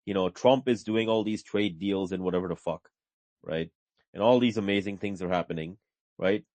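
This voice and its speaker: A man's voice: deep voice, normal speed, a little mellow, no room sound. Swearing, ranting man, dry sound. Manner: heated, swearing, ranting with filler like bro and man. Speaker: podcast host. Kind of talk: casual political chat.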